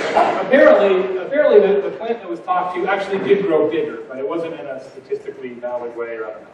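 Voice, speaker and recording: Hombre enérgico en un salón con mucho eco. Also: male voice, a little high, heavy reverb, distant mic, background noise. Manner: energetic, punchy, rhetorical questions. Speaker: keynote speaker. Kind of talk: conference keynote. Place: large conference hall.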